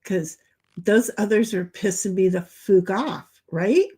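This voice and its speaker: A woman's voice: medium pitch, takes it slowly, mellow, breathy edge. Easygoing woman talking through a card game. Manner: laughs a lot, talks through her moves and recaps chat. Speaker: livestream co-host. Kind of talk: casual chat while playing a card game.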